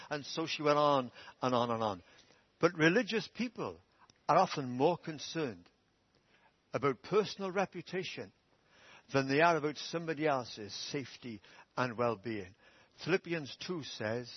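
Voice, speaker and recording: A man's voice: on the high side, expressive, moderate pace, pauses often, husky, no room sound. A middle-aged man preaching a sermon through humorous, self-deprecating family stories. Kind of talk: storytelling sermon. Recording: dull dry church sermon recording.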